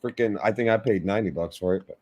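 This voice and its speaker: A man's voice: on the low side, fast. Guy telling shop stories, swears a lot, does voices for everybody. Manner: profane, animated, acts out voices in anecdotes. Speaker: host, shop worker. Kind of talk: casual chat, storytelling.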